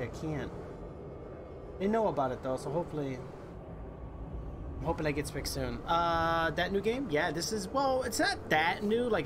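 A male live streamer with a voice a touch higher than most men's gives casual gameplay commentary. Chatty and loose, he keeps calling out to his viewers between moves and hyping them up, over a clearly noisy recording.

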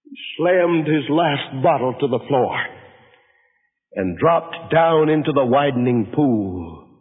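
A man's voice: mid-range voice, expressive, slow. A male pastor telling a story in a dramatic sermon in a large church hall. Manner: dramatic, dynamic delivery. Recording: tinny lo-fi audio, long hall reverb.

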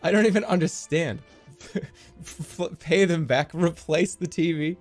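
A man streaming live, chatting casually and reading viewer stories aloud in an excitable, jokey way. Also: high-pitched, a little fast. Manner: excitable, jokey, prone to laughing fits. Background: faint music.

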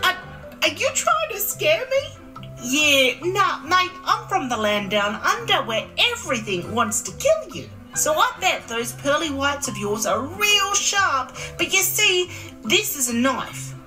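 A woman's voice: high-pitched, very animated, a little slow, pushed and bright, soft background music, voice pushed up, heavily acted, poor audio. A woman with an Australian accent voicing a brash, cheeky young Red Riding Hood in a stage skit, full of slang. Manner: cheeky, slang-heavy, exaggerated drawl.

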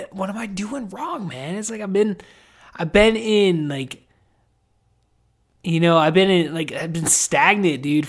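A man hosting a podcast in casual, reflective chat, rambling with lots of filler words and swearing. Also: on the high side. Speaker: podcast host.

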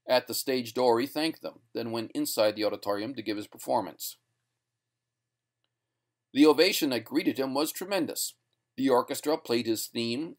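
A man narrates a short story in an even, measured voice of middle pitch. His reading is steady and scripted, carrying the plot along without hurry.

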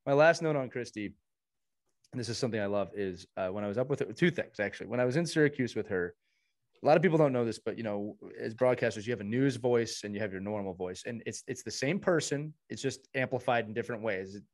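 Here is a male podcast host in casual chat, earnest and effusive, piling warm praise on the people beside him. His voice sits at an ordinary middle pitch for a man. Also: quick pace.

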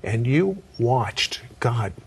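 A man's voice: medium pitch, very animated, very slow, husky. A man hosting an interview, prompting his guest with curious questions. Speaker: host.

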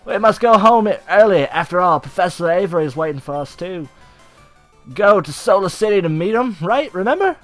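A man voicing a young male video game rival trainer in an exaggerated put-on Australian accent, loud and high. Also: flat delivery, quick pace, few pauses, soft background music. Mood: bossy.

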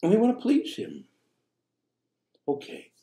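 A man's voice: very high voice, big pitch swings, unhurried, dark tone. A man preaching a sermon as a priest, speaking conversationally and tossing in rhetorical asides. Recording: echoey room.

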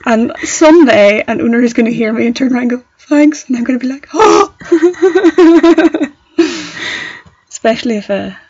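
A young woman co-hosting a podcast, chatting in a giggly, excitable and playful way. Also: on the high side, very fast, few pauses, slightly rough, no echo. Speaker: podcast co-host. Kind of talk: casual chat. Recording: dry, dull lo-fi sound.

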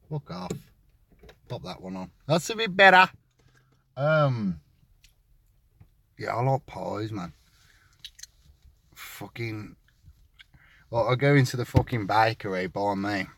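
A man's voice: lowish voice, gravelly, a bit bright, a little hiss or hum. A young man, rambling in a crude comic monologue full of swearing and acted-out shop chats. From West Midlands, England.

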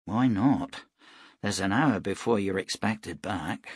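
A man reading aloud voices a blunt, firm young widow in a raised, brisk tone. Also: on the low side, slightly rough, no echo, clean studio sound.

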